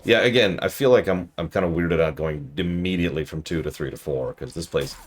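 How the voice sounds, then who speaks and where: A man's voice: low voice, brisk. A man streaming a game, giving casual, playful commentary with joking asides.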